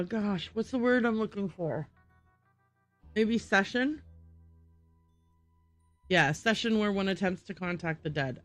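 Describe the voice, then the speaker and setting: A woman with a medium-pitched, fairly bright voice streams a casual game, thinking aloud and muttering to herself while she works through word puzzles. There's no echo on her audio.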